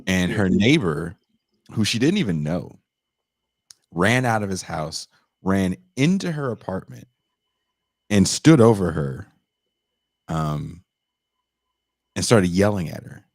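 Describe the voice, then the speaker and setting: A podcast co-host with a low voice speaks slowly with long pauses, recorded dry at studio quality. Telling a story in casual chat, he gets animated and acts out the people in it with raised voices.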